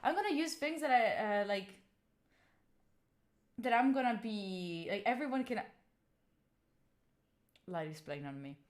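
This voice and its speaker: Lively Italian-accented woman streamer. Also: mid-range voice, unhurried, long pauses. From Italy. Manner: animated, frank, swears freely, reads and answers chat. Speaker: livestreamer. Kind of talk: casual live-stream chat with viewers.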